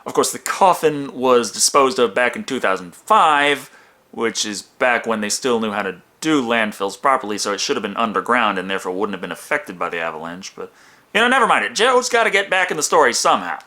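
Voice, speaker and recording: A man's voice: mid-range voice, lively intonation, a little fast, pushed and bright. A man narrating a comedic film review in a sarcastic, wisecracking manner.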